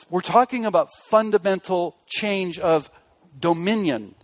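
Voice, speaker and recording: A man preaching a sermon as pastor, pressing hard on key words and then dropping his voice low and quiet. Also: lo-fi sound.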